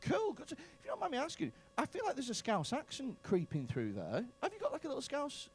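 A man's voice: very high voice, huge pitch swings, a little fast. A male stand-up comedian in a comedy club, doing profane, bantering crowd work with mock outrage.

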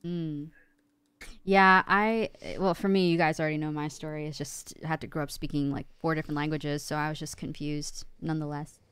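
Stream cohost lady, lowish smooth voice, dry close mic, chatty and laughy. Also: level tone, fairly quick, a bit bright, no echo. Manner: chatty, reads out viewer comments, laughs easily. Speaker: stream co-host. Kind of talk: casual chat on a live stream.

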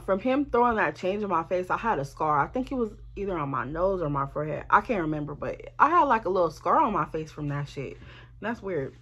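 A woman telling a storytime to her viewers in a lively, profane, chatty way, speaking straight to them. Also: lowish voice, a little fast, slightly rough. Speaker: vlogger. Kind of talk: casual storytime.

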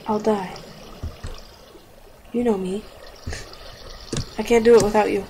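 A woman's voice: mid-range voice, fairly even intonation, takes it slowly, dark tone. Young woman, gaming video host, rambling, giggly, joking, noisy home recording. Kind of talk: casual gameplay commentary. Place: home room.

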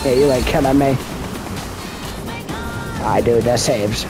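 A man giving casual gameplay commentary, excitable and full of profane trash talk. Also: mid-range voice, slow pace. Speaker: gamer streaming gameplay. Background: game music.

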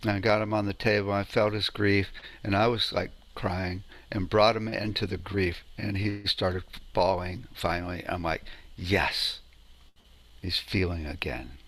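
A man's voice: on the low side, little pitch movement, normal speed, a bit bright. A man giving an informal lecture on sound healing, telling stories in a conversational way and often asking "right?".

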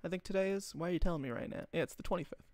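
A man's voice: high voice, racing, darkish tone, dry recording. A young man from the United States streaming a card game, chatting casually with his chat, joking and laughing often. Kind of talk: casual live-stream gameplay commentary.

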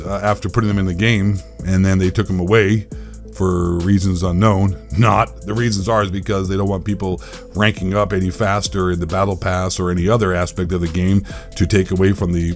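A man hosting a gaming channel, delivering a sarcastic and provocative rant. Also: lowish voice. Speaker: gaming commentator. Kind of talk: ranting video commentary.

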